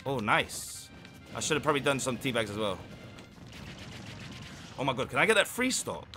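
A young man commentating his own online matches, swinging from muttered grumbles to sudden shouts. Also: medium pitch, very animated, moderate pace, faint music behind. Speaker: gaming YouTuber. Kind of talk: live gameplay commentary.

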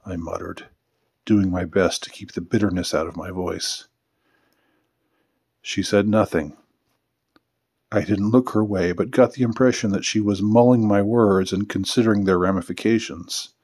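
A man reading his own novel aloud in the first person, in a measured, subdued manner. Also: low voice, steady tone, a little mellow, husky. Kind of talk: first-person audiobook narration.

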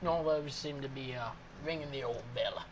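A man's voice: medium pitch, a little fast, noisy background. A man playing a party game with friends, joking around and laughing easily. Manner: jokey, giggly. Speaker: game show player. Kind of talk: casual party-game banter.

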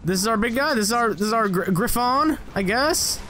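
A young man giving casual, rambling gameplay commentary, joking at himself and jumping into high excited yelps as he plays. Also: brisk, a little hiss or hum. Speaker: gaming channel host.

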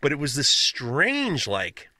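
A man co-hosting a casual podcast chat, telling stories in an animated, profane, mocking way. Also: medium pitch, slow pace, no echo. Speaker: podcast co-host, knife maker.

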